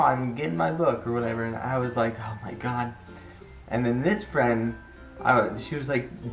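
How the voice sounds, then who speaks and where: Faint guitar music plays in a roomy, echoing space as a teenage guy recounts an embarrassing moment to camera. His mid-range voice moves at a moderate pace, and his rambling, casual telling is full of restarted sentences and acted-out quotes.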